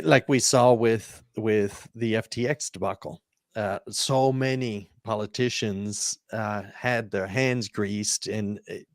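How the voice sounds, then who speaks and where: A man with a somewhat low voice talks earnestly on a casual podcast. He speaks haltingly and often restarts his sentences. The sound is dry and close. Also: no room sound. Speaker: podcast co-host. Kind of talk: casual chat.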